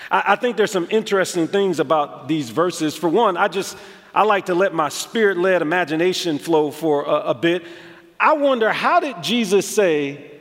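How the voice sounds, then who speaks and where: Male pastor, sermon delivery, lively and expressive, slightly high pitch, long church-hall reverb. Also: brisk. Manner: animated storytelling, acts out quotes, rising emphasis.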